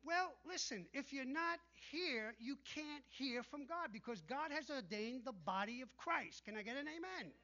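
A man's voice: extremely high pitch, expressive, normal speed, few pauses, bright, forceful tone, lo-fi sound. A male pastor preaching a sermon emphatically, calling out for amens from the congregation. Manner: emphatic preaching with call-and-response.

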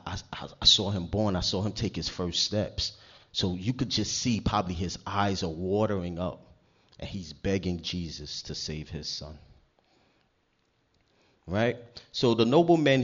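Male preacher, low voice, conversational sermon that swells into forceful scripture reading, slightly dull recording.

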